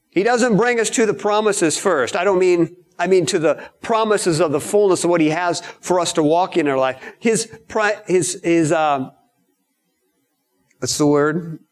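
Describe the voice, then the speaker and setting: Slow-talking high-voiced male preacher. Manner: animated storytelling, acts out quotes with sudden high shouts. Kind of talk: sermon.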